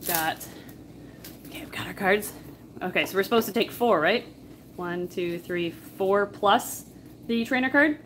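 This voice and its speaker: A chatty, excitable woman co-hosting a casual chat while opening fan mail. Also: medium pitch, a little slow, pauses often, roomy sound, recorded from a distance, noisy background. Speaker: co-host.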